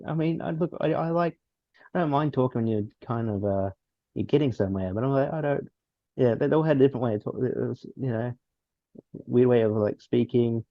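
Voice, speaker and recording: A man chats his way through a film review, rambling and restarting often. His voice has a gravelly edge. The recording is dull, dry and lo-fi. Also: mid-range voice, a little fast, dry recording. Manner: rambling with many restarts and laughs. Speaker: podcast co-host. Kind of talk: casual film review chat.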